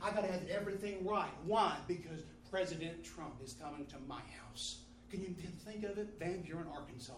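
A man's voice: sits high, brisk, background noise. A man preaching a fervent sermon, repeating phrases in call-and-response style. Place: church sanctuary. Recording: roomy, distant mic in a hall.

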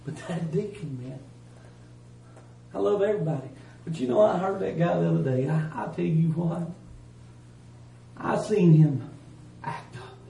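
Folksy preacher in a roomy church. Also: male voice, on the high side, expressive, measured pace, gravelly, long pauses, slight background noise. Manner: folksy, emphatic, swings from loud to hushed. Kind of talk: sermon. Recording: roomy church sound from a distance.

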